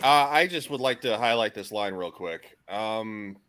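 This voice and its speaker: A man's voice: lowish voice, animated, measured pace, noisy background. A man hosting a casual stream chat, reading chat messages aloud with a jokey manner and frequent fillers. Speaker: host.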